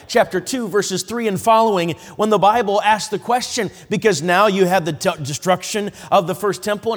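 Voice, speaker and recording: A male evangelist preaching with fervor, his high voice climbing into shouts at the peaks of his sermon. The sound rings with the long reverb of a large hall. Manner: impassioned preaching, rising to shouts.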